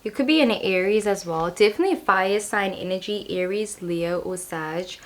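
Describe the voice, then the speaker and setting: A young woman talks through a tarot card reading in a loose, chatty way. She is playful and teasing, and her middle-pitched voice keeps bouncing higher on the words she stresses. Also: moderate pace. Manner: chatty, playful, laughs at herself. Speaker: tarot reader. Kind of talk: casual tarot reading to camera.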